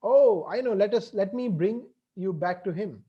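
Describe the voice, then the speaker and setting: A man's voice: high voice, expressive, moderate pace, slightly rough, highs cut off. A man voicing a cheerful, helpful male passerby who speaks in eager exclamations.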